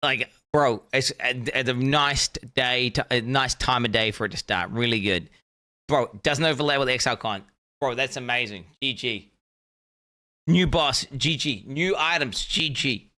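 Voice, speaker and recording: A man's voice: medium pitch, measured pace, sharp tone. A young man streaming live, reacting to a game announcement, thinking aloud, repeating himself and swearing casually.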